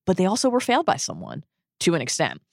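A woman's voice: fairly low pitch, huge pitch swings, fast talker, creaky, darkish tone, no room sound, clean studio sound. A woman co-hosting a film podcast, retelling scenes in an effusive, emotional and dramatic way. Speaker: podcast co-host. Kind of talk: enthusiastic film-recap podcast chat.

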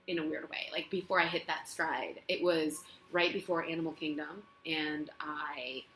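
A woman actress telling self-mocking stories in a casual interview in her apartment, quick to laugh. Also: sits low, fairly even intonation, sharp tone, soft background music. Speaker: guest actress. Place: her own apartment living room. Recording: echoey room.

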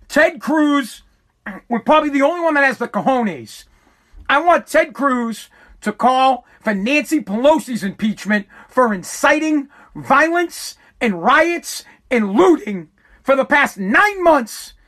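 A woman's voice: high-pitched, expressive, unhurried, fairly bright tone. Angry woman ranting, lots of swearing, sarcastic, keeps repeating herself when she gets going. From United States. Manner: heated, profane, sarcastic, repeats words when worked up. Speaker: political commentator. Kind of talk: angry political rant.

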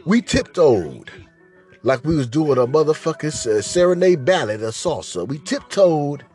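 A man hosting a podcast, telling a profane, excitable story and acting out scenes with shushing and cries. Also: on the high side, measured pace, soft background music. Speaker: podcast host. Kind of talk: animated storytelling monologue.

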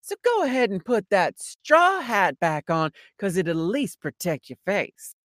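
A woman's voice: medium pitch, sing-song, a little slow, dry recording, clean studio sound. A woman putting on a folksy Southern cowgirl. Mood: scolding. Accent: mock Southern US drawl.

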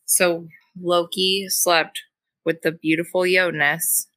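A woman's voice: lowish voice, flat delivery, slow, a bit bright, no echo. A woman in a casual chat, asking puzzled questions and joking along.

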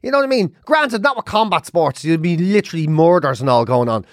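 High-voiced Dublin Irish man, podcast co-host, blunt profane ranter, dry sound. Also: expressive, fairly quick, no echo. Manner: ranting, blunt, heavy swearing. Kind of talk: casual chat.

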